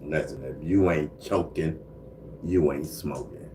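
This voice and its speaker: A man with a bass voice and dark tone hosts a casual livestream at a measured pace, chatting loosely and reading viewer comments aloud. He's laid-back, keeps saying "you know what I mean," and laughs and coughs a lot. It's a single-mic livestream with slight background noise.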